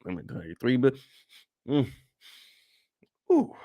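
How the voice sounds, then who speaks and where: A young man hosting a casual live after-show, talking in loose slang and acting out reactions with sudden loud outbursts. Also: mid-range voice, huge pitch swings, slow pace, muffled recording. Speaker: host.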